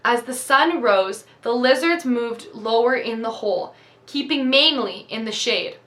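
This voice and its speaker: A woman reading a novel aloud with steady, expressive storytelling. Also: fairly high pitch, measured pace. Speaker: reader.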